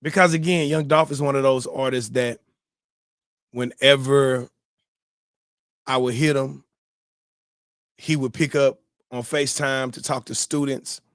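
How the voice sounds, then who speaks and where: A man hosting a morning live-stream show, giving casual, preachy advice in slangy talk that turns loud and animated, often repeating words. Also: mid-range voice, measured pace, pauses often, no room sound, clean studio sound. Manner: slangy and conversational, repeats words when fired up.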